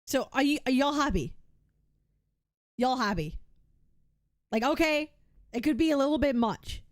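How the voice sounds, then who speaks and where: A woman's voice: high-pitched, lively intonation, a little slow, no echo, studio quality. A woman streamer making a heated, argumentative case on stream, emphatic and often repeating herself. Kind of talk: heated reaction rant.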